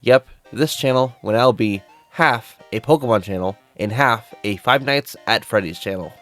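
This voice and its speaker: A man's voice: fairly low pitch, normal speed, a bit bright, soft background music. Stuffy-nosed man chatting casually. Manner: chatty and enthusiastic, mildly apologetic. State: nasal from a cold. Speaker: channel host. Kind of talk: casual talk to camera.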